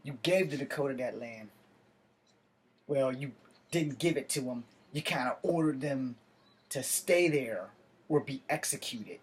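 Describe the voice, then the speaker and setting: A man's voice: mid-range voice, a little slow, pauses often, slightly rough, rough recording. A man giving an emotional, impassioned vlog rant, swearing and building to outbursts. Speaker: video blogger.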